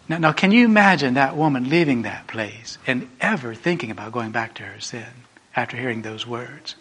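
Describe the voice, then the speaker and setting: A man preaches a sermon, telling a story emphatically and swinging between a hushed voice and a raised one. His voice is medium-pitched, sing-song, and slightly rough, at a moderate pace.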